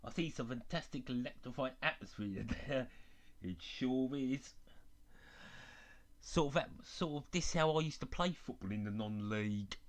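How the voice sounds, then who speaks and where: A man's voice: mid-range voice, animated, normal speed. A man from England with a mixed London and Dublin accent, giving casual live-stream football commentary and chatting with viewers. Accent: mix of London and Dublin. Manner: chatty, reading viewer chat between plays.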